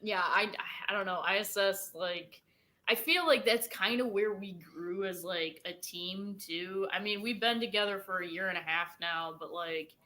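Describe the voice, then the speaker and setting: A young woman, a paranormal investigator guest, chatting casually in a scattered, animated way and acting out voices she quotes. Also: mid-range voice, normal speed. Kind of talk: casual chat.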